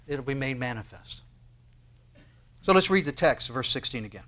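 Preaching energetically, the pastor asks rhetorical questions and lifts his voice to drive points home. His voice is mid-range, and he keeps a measured pace.

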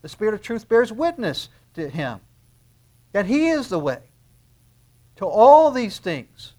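A man preaching a sermon in a conversational way, acting out little dialogues and swinging between quiet asides and loud emphasis. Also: high-pitched, very animated, measured pace. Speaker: pastor.

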